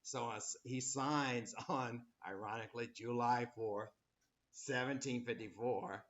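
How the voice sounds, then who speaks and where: A man's voice: mid-range voice, a little slow, a bit bright, highs cut off. A man teaching a history class, rambling with many fillers and acting out quotes as he lectures.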